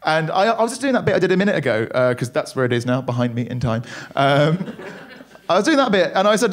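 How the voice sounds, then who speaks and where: Young male stand-up, high voice, dry self-mocking delivery into a handheld mic. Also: sing-song, fairly bright tone. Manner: wry, self-deprecating, quick asides. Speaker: stand-up comedian. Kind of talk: stand-up comedy set. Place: comedy club stage with audience laughter.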